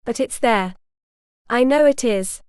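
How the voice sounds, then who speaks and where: A bold young woman speaks in a teasing, earnest way as a woman narrator reads her. Her voice is fairly high, smooth and clear, and the sound is close and dry. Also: takes it slowly, darkish tone, no room sound.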